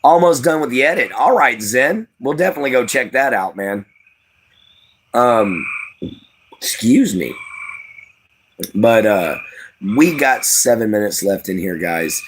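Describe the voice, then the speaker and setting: A man's voice: medium pitch, lively intonation, unhurried, pauses often, slight background noise. A tired man from Louisiana with a light Cajun accent, chatting casually and folksily as a live-stream host, rambling with lots of fillers. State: tired from lack of sleep.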